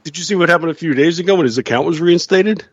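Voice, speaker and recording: A man's voice: fairly high pitch, fast talker, dry recording, muffled recording. A man hosting a casual radio talk show, sarcastic and laughing often as he mocks other people's voices. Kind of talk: casual chat.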